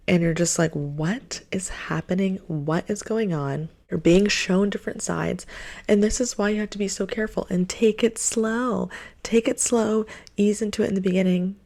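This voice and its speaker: A woman talking to her viewers in a heartfelt advice vlog, earnest and animated, repeating phrases for emphasis. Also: lowish voice. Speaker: relationship advice vlogger.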